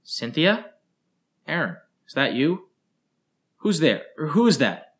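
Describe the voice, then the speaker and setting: A man's voice: fairly high pitch, very animated, takes it slowly, pitched above the performer's own voice. A man voicing a bitter, exhausted woman who speaks in a slurred, sneering way. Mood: confused. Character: bitter, worn-out drunk woman, venomous.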